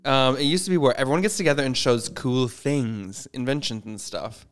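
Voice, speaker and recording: A man's voice: mid-range voice, moderate pace. A man co-hosting a podcast in casual chat, jokey and laughing often, trailing off mid-sentence. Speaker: podcast co-host.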